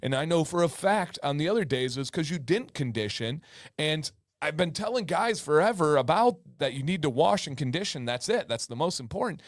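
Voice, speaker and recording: A man's voice: on the high side, lively intonation, fairly quick, no room sound, studio quality. A man telling a story in casual chat as a livestream co-host, acting out the people in it.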